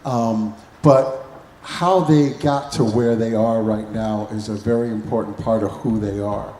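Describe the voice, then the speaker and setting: A man moderating a live artist Q&A, asking questions in a measured way. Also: fairly low pitch, fairly even intonation, dark tone, reverberant.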